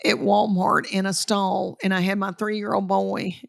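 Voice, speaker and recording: Folksy Southern woman with a gravelly edge. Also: medium pitch, a little slow. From Tennessee. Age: middle-aged. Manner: folksy, animated, acts out family quotes. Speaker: comedian guest. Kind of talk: storytelling interview chat.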